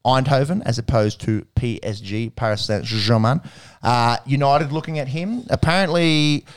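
An Australian man talks through sports results in loose, rambling chat full of slang. His voice is smooth and clear. He sounds relaxed and conversational, like a regular podcast host. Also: medium pitch, moderate pace.

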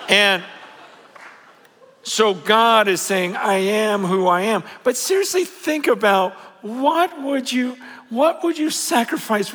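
Animated high-voiced man preaching in a hall. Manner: animated, swings from shouting to hushed low tones; conversational with fillers and laughs. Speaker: pastor. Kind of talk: sermon. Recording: long hall reverb.

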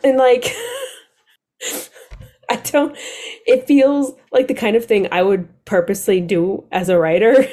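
A woman co-hosting a book podcast, reading the intro and chatting in a relaxed, friendly way. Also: mid-range voice, takes it slowly, long pauses. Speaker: podcast co-host.

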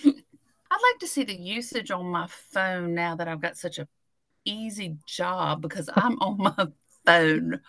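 A woman's voice: lowish voice, animated, slow, fairly bright tone, no room sound. A woman co-hosting a casual podcast over a video call, blunt and profane, laughing often. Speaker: podcast co-host. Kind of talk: casual chat. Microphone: headphones on a video call.

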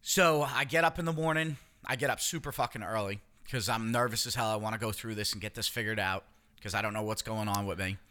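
A man's voice: on the low side, fast talker, bright, forceful tone. A man co-hosting a podcast, telling a story in casual chat, swearing freely and acting out quotes. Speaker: podcast co-host.

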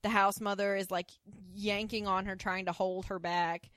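A woman co-host chats through a show recap, slipping into the characters' lines with plenty of laughter. Her voice sits at an ordinary middle pitch. It is recorded close and dry with no room sound. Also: flat delivery, normal speed, fairly bright tone, dry recording. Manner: retells scenes acting out lines, laughing often. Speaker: podcast co-host. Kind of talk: casual recap chat.

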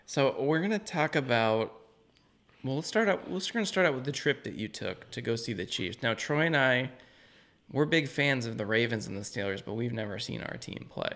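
A man's voice: mid-range voice, expressive, normal speed, fairly bright tone. A man hosting a casual podcast, upbeat and steering the talk between segments. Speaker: podcast host. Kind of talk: casual chat.

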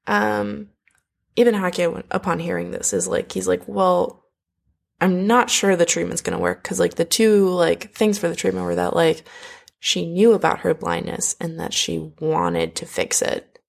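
A woman's voice: lowish voice, a little slow, gravelly. A woman casually retelling an opera plot in a chat, acting out the characters' lines as she goes, with lots of "like". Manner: animated storytelling, acts out characters' quotes, frequent "like". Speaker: podcast co-host recapping an opera.

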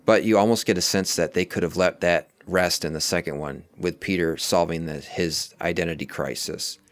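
Low-voiced guy picking apart a movie, keeps correcting himself, dry sound. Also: fairly even intonation, moderate pace, no room sound. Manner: rambling, self-correcting, analytical. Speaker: film review co-host. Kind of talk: casual movie discussion. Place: outdoors near a street.

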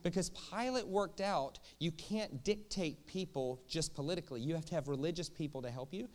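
A man preaching a sermon in a jokey, animated way, often checking in with the crowd with quick questions. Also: a little high. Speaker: pastor.

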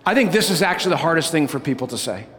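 A man's voice: on the high side, very animated, rapid-fire, fairly bright tone, long reverb tail, a little hiss or hum. A man preaching a sermon as a pastor, playful and conversational, who often checks in with "right?".

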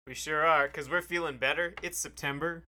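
A man's voice: on the high side, steady tone, fairly quick, pushed and bright. A man co-hosting a casual, comedic music podcast, bantering playfully. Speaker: podcast co-host.

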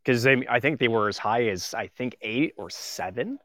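A man's voice: mid-range voice, moderate pace, a bit bright, no echo, studio quality. A man co-hosting a casual hockey talk, dropping wry jokes and many filler sounds. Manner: wry, joking, heavy on fillers. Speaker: co-host.

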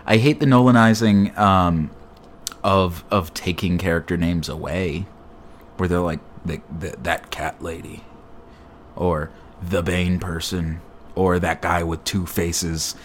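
A man's voice: deep voice, fairly even intonation, slow pace, slight background noise. A man co-hosting a casual chat, sarcastic and jokey, speaking close to the microphone. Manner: sarcastic, jokey, acts out scenes in silly voices.

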